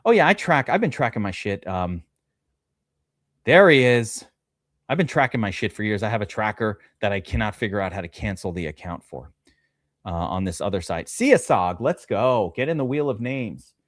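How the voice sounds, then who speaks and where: A man's voice: on the low side, expressive, normal speed, no room sound, clean studio sound. A man hosting a live fantasy football draft stream, chatting loosely with viewers, reading out their names and swearing casually. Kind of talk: casual livestream chat.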